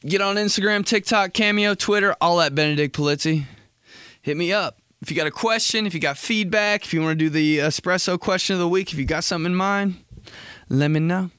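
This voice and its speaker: A young man hosting a casual solo comedy podcast, rambling and swearing through stories with quick impressions. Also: high voice, fairly bright tone, clear, resonant tone, no room sound, studio quality. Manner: rambling, profane storytelling with impressions. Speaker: podcast host.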